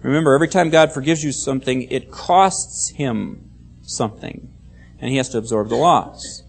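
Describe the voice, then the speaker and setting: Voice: mid-range voice, normal speed, creaky, husky, soft background music. A pastor preaching a sermon, stressing key phrases by repeating them, explaining Bible words and reading scripture aloud.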